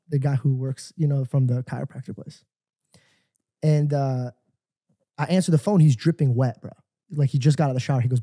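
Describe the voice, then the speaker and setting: A man's voice: medium pitch, quick pace, warm tone, dry recording, studio quality. A young man co-hosting a podcast, earnestly telling a personal story, acting out the dialogue and often saying "bro". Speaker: podcast co-host. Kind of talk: casual podcast chat.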